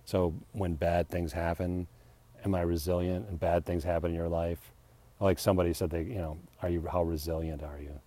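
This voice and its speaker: Man, solo podcaster. Very low, warm voice. Rambling, self-deprecating, quick to laugh at himself. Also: little pitch movement. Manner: acts out heated retorts, laughs often. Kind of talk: rambling personal reflection.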